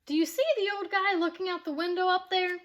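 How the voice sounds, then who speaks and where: A woman reading a children's chapter book aloud, with expressive, playful storytelling and asides to her listeners. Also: very high voice, fairly quick.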